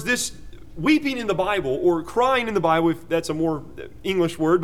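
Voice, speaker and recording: A man with a notably high voice delivering a sermon to a congregation. He explains word meanings in an earnest, teaching manner, often pausing on fillers. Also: fairly bright tone. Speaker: preacher.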